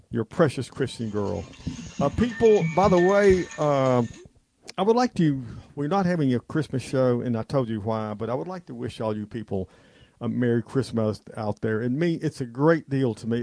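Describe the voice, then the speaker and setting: A male show host giving a rambling, fervent monologue to his listeners, halting and stammering often. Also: medium pitch, gravelly, a little mellow, no echo.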